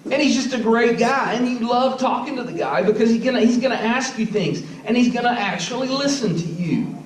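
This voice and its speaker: A man's voice: very high-pitched, fairly quick, echoey room, recorded from a distance, a little hiss or hum, poor audio. A man preaching a sermon in a church, talking conversationally and often asking the congregation questions. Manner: conversational, asks the audience questions. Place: church sanctuary.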